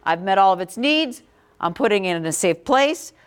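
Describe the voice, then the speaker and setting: A woman's voice: mid-range voice, animated, normal speed, clean tone. A middle-aged woman teaching a classroom about infant care, talking directly and quizzing her students. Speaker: parenting educator. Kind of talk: classroom talk.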